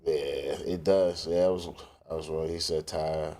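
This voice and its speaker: A man from northern England, a rapper hosting a livestream, chats loosely with viewers and reacts to their comments between tracks, swearing freely. His voice is very deep and warm, with a steady, unhurried delivery.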